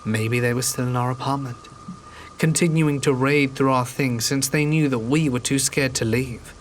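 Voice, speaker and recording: A man reading a true horror story aloud in a calm, measured storytelling manner. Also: medium pitch, slight background noise. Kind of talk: scripted narration. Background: faint rain.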